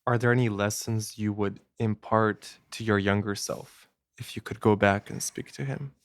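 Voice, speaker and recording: A man hosting a podcast, asking calm, measured interview questions. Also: on the low side, no echo, studio quality. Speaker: podcast host.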